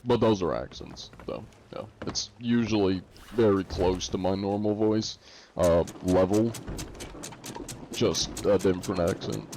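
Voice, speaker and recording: A man's voice: low voice, steady tone, unhurried, a little mellow, a little hiss or hum, low-quality recording. A male streamer chatting casually while he plays, laid-back and laughing often. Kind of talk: casual gameplay chat.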